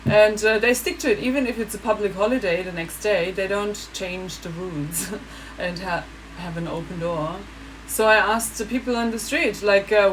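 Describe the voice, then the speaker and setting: Woman vlogger, lively storyteller who laughs a lot, mid-range voice, light background hiss. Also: medium pitch, normal speed, poor audio. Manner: animated, laughing, acts out other people. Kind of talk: casual monologue.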